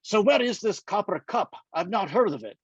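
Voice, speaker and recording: A gruff older man with a wry, teasing streak, as a reader puts him on. He speaks a little high for a man, and the dull, dry recording mutes his voice. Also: lively intonation, moderate pace, dry recording. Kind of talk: reading a novel aloud. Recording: dull, muffled dry sound.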